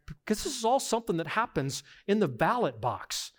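A middle-aged man preaching a sermon as pastor, earnest and emphatic, swinging between hushed reflection and forceful insistence. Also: high voice, very animated, fairly quick.

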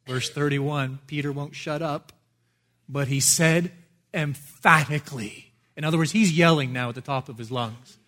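A man preaching an expository sermon, earnest and emphatic, repeating key lines and swinging from hushed phrases to loud, lifted ones. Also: a little high, moderate pace.

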